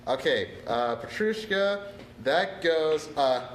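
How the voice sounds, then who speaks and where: A man's voice: on the high side, animated, slow, reverberant, a little hiss or hum. A man teaching on a casual livestream, chatty and laid-back, laughing often and apologizing freely. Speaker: percussion instructor on a livestream.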